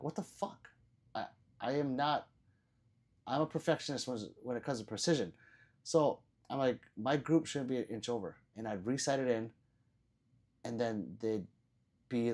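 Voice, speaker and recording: Speaking at a medium pitch with a darkish tone, a man hosts a relaxed live stream. He reads out chat comments, laughs frequently, and swears casually as he goes.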